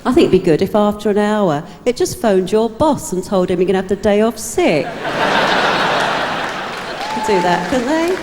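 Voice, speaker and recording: A woman's voice: mid-range voice, animated, normal speed, long pauses, over a noisy crowd, heavy background noise. Wry woman comic on a live stage. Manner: chatty, wry storytelling. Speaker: comedian. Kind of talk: stand-up routine. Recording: live hall reverb.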